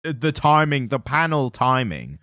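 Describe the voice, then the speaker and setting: Lively male podcast co-host, chatty, dry close sound. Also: medium pitch, dry recording. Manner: animated, quick asides and self-interruptions. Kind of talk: casual chat about comics.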